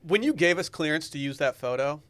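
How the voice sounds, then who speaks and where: A young man with a somewhat high voice who wisecracks his way through a casual podcast chat with friends. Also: lively intonation, fairly quick, fairly bright tone. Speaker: podcast co-host. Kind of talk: casual banter among friends.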